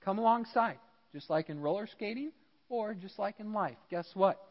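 An American man preaching a sermon as pastor, animated and acting out characters in dialogue. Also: sits high, moderate pace, big-room sound, dull audio. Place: church.

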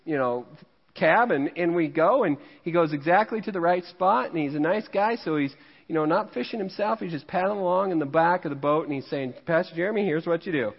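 Preaching in a church sanctuary, a Missouri pastor shares a fishing story, chatty and self-mocking, with frequent laughs at his own expense. He speaks briskly in a slightly high, creaky, somewhat rough voice, recorded dully with long hall reverb.

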